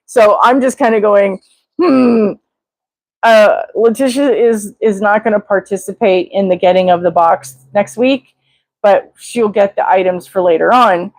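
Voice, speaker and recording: An older woman hosting a casual live chat, talking in an excitable, rambling way with many restarts. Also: mid-range voice, normal speed, no room sound, rough recording. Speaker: livestream host.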